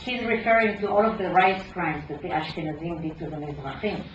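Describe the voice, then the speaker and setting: A woman professor reading aloud from her book at a lecture, measured, dropping low at phrase ends. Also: steady tone, slight background noise. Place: lecture hall. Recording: roomy hall, distant dull mic.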